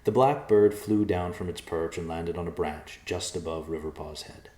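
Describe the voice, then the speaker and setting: A man narrating a storybook chapter with a steady, expressive reading. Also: sits low, moderate pace, reverberant. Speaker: audiobook narrator.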